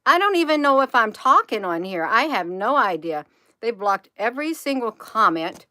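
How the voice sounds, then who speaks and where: A woman's voice: a little high, big pitch swings, moderate pace, sharp tone, no room sound, studio quality. A woman, rambling emphatically to her viewers in a casual livestream. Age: 50s. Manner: rambling, emphatic, addresses viewers as "you all". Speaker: channel host.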